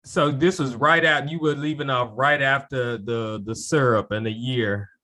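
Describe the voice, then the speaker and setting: A man's voice: medium pitch, steady tone, moderate pace, sharp tone. A man hosting a podcast, speaking in a friendly, conversational way. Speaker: podcast host. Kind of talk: casual conversation.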